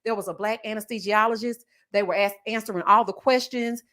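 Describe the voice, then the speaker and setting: Speaking a little fast in a medium-pitched, fairly bright voice with fairly even intonation, this commentary channel host from Houston, Texas, shares a personal story. The young woman's telling is sassy and dramatic, and she performs the quoted voices in this storytelling chat.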